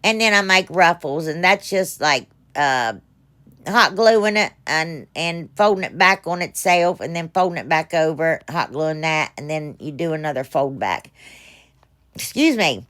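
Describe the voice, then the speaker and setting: A middle-aged woman with a drawl talks through her craft project in a fairly low voice. She rambles, pokes fun at herself and scatters fillers as she goes. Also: expressive, a little slow, fairly bright tone. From United States. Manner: rambling, self-deprecating, chatty with fillers. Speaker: craft channel host. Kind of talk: casual crafting voice-over.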